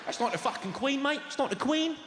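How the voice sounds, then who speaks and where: A Glaswegian man doing a stand-up comedy set, bantering with the crowd in a loud, swearing manner. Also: extremely high pitch, lively intonation, fast talker, a little hiss or hum. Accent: Scottish, Glaswegian. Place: large theatre stage with audience. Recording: roomy hall reverb over loud audience.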